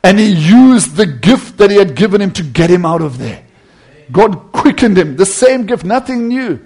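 A man preaching a sermon, emphatic, rising and falling, dropping softly when quoting. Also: high-pitched, very animated, normal speed, slightly rough.

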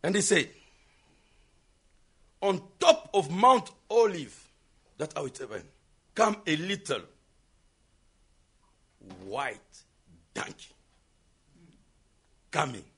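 High-pitched South African preacher, shouting. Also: male voice, very animated, slow, gravelly, long pauses, husky. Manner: call-and-response preaching, building to shouts. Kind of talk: sermon.

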